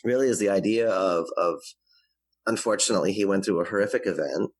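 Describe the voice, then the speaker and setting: A man's voice: low-pitched, fast talker, no room sound, rough recording. A man giving earnest, explanatory parenting advice as a guest in a conversational interview. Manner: earnest, explanatory, varies his pace to demonstrate.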